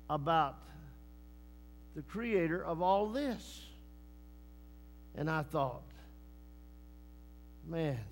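A man preaching a sermon and telling a moving story, swinging between loud bursts and hushed lines. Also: high voice. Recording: long echoing church hall reverb.

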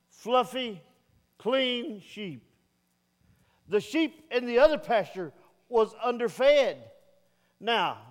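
Middle-aged pastor guy preaching slow, folksy, big ringing church reverb. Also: very high-pitched. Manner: folksy preacher, swelling emphatic peaks. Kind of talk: sermon. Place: church sanctuary. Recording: long reverb of a church hall.

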